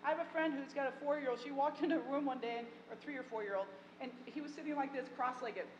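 A woman's voice: high voice, fast, muffled recording. Upbeat woman teaching a parenting class. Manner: warm, encouraging, playful asides. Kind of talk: workshop talk to an audience. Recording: echoey hall, faint ambient noise.

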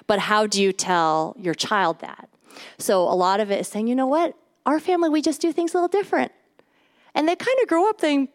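A woman author giving a chatty, animated live talk to a moms' group, full of little asides. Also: medium pitch. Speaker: author and guest speaker. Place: event before a live audience.

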